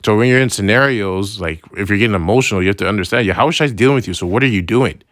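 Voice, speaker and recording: A man with a lowish voice gives a relaxed Bible lesson, reading verses and then explaining them in loose, slangy talk. He keeps asking "right?" as he goes, and the recording is dry and close. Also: very fast, no echo. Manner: slangy, loose phrasing with restarts. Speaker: religious teacher.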